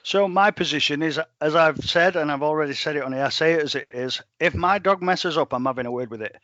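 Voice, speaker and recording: A man's voice: a little high, fast talker, sharp tone, no room sound, lo-fi sound. Blunt, plain-spoken English man. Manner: blunt, plain-spoken, quotes himself a lot. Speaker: professional gun dog trainer. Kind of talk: casual podcast interview.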